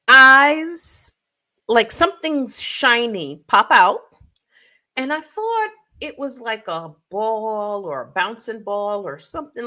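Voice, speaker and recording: A woman co-hosting a chatty podcast, with a bright, ringing voice that swoops up and down. She takes her time and tells her stories with playful sound effects. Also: a little high. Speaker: podcast co-host. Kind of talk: casual chat.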